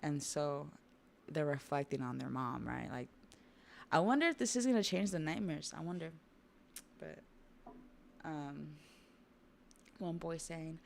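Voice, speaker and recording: A woman hosting a livestream, chatting casually about a manga while drawing, with relaxed asides to her viewers. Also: sits low, unhurried, creaky, long pauses, a little hiss or hum. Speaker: livestream host.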